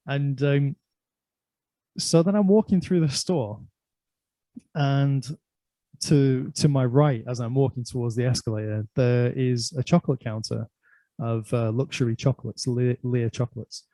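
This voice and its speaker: A man's voice: mid-range voice, warm tone, no room sound. A middle-aged man telling a long, rambling personal story in casual chat, laughing often and filling gaps with "like" and "um".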